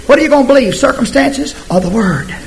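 Male preacher, emphatic sermon delivery with wide dynamic swings; high, animated pitch. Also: fast, low-quality recording. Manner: emphatic, swings from hushed to shouting.

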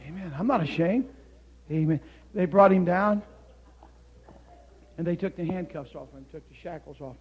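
Older male preacher, fairly high voice, hushed storytelling that erupts into shouting, dull recording. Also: normal speed, long pauses. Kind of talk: sermon.

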